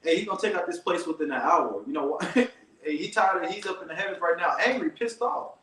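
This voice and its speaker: A man's voice: high voice, expressive, a little fast, a bit bright, roomy sound, distant mic, poor audio. A man discussing and reading scripture aloud, raising his voice for the verses. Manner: reads verses aloud in a raised voice.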